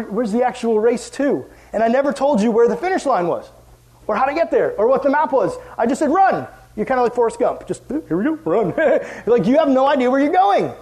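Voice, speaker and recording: A young man preaching a casual youth group sermon, animated and playful, acting out quoted voices. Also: extremely high pitch. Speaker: youth pastor.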